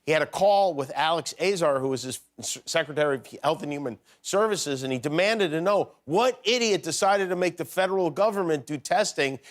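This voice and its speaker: A man's voice: on the high side, expressive, brisk, few pauses. A man hosting a late-night show, delivering a joking monologue and chuckling at his own punchlines. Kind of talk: comedy monologue.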